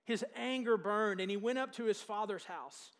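High-voiced man preaching a sermon. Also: moderate pace. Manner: lively storytelling with jokes and questions to the congregation.

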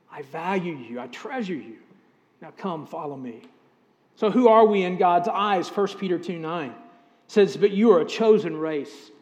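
A middle-aged pastor delivers an earnest sermon, speaking directly to his congregation. His voice sits high for a man, and it rings out with a long reverb through the church sanctuary. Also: a little mellow. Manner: earnest, direct address to congregation with scripture readings.

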